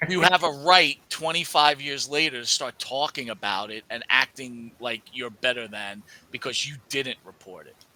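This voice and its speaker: A man's voice: medium pitch, moderate pace, bright, forceful tone, poor audio. A man hosting a casual podcast chat, asking long rambling questions and acting out imagined conversations. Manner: acts out imagined dialogue. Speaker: podcast host.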